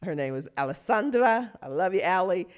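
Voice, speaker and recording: A lively woman in her fifties spins anecdotes in a podcast interview. She laughs easily and acts out the voices of people she quotes, leaping up in pitch for them. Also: fairly quick. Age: 50s. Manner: animated, acts out quotes with big pitch jumps, laughs often. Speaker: guest, former pro basketball player.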